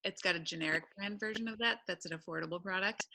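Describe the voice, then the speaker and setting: A woman's voice: lowish voice, fast, vocal fry, bright, forceful tone, slight background noise. A woman in her thirties from upstate New York, co-hosting a casual podcast chat, laughing often and rambling cheerfully. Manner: laughs often, chatty and self-deprecating. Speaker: podcast co-host.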